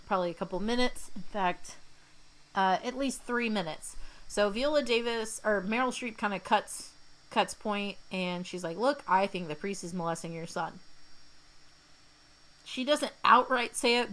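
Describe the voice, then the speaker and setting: A young woman co-hosting a podcast chats casually while recapping a film scene by scene, acting out lines in quoted voices. Her mid-range voice is fairly bright and moves at a moderate pace, though the audio quality is poor.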